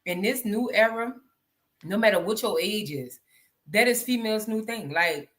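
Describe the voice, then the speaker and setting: A woman's voice: medium pitch, normal speed, fairly bright tone. A woman hosting a live podcast, agreeing emphatically and speaking frankly in casual chat. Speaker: podcast host.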